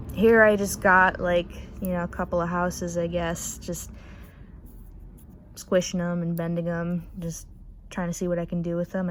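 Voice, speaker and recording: A young woman in casual chat, rambling and unsure with many fillers as she shows her sketchbook. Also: lowish voice. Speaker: artist showing her sketchbook.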